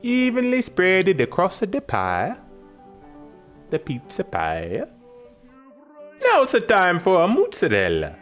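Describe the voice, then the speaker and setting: A man putting on an exaggerated Italian accent to play an excitable pizza chef narrating a recipe. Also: high-pitched, slow, pauses often, faint music behind, pitched above the performer's own voice, full character voice. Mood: delighted. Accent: put-on Italian. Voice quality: exaggerated sing-song accent.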